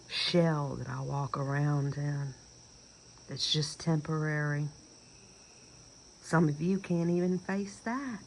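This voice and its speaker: A woman's voice: sits low, slow, long pauses, slight background noise, rough recording. A middle-aged woman with a Southern accent in an emphatic, rambling monologue that sometimes sinks to a near whisper. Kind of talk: personal monologue rant.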